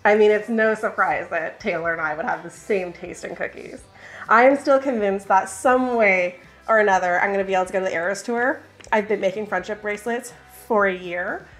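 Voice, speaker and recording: A woman's voice: medium pitch, fairly quick, soft background music. Chatty woman hosting a baking video. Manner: chatty and upbeat, thinks aloud while working. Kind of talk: casual baking vlog chat. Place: home kitchen.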